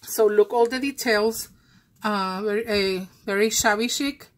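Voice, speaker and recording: A woman vlogger unboxing craft mail, gushing and effusive, with halting speech and many restarts. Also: mid-range voice, rough recording. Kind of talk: casual happy-mail unboxing.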